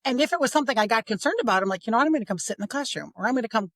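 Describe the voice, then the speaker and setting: A middle-aged woman talking about parenting on a podcast, chatty and expressive, sometimes acting out what others said. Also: a little high, rapid-fire, no echo. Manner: chatty, expressive, acts out quoted voices. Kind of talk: casual podcast conversation.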